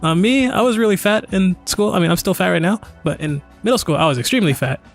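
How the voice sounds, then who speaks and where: A man's voice: sits high, lively intonation, fast, soft background music. A young man co-hosting a casual advice chat, joking and rambling in slangy, offhand talk. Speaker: co-host.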